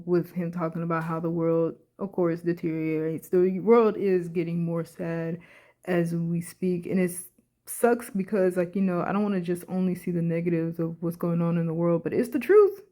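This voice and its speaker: A woman's voice: fairly low pitch, warm tone. A woman vlogger giving casual, rambling reaction commentary into her phone, short of breath and emotional, full of fillers.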